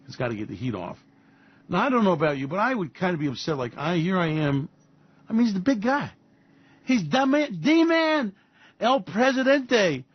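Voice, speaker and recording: A man's voice: mid-range voice, slightly rough. A man hosting a financial commentary show, talking in a sarcastic, profane, mocking way. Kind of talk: market commentary. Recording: dull lo-fi audio.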